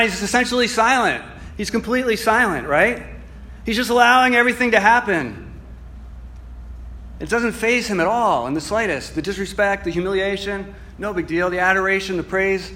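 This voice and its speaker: A man preaching a sermon, earnest and reflective, moving from soft musing to emphatic passages and reading scripture slowly. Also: high-pitched. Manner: reads scripture slowly and deliberately.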